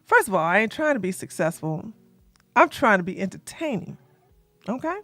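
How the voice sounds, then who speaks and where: A woman doing drama commentary in a loud, animated, sassy way, often laughing and shouting. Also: medium pitch, moderate pace, no echo, soft background music.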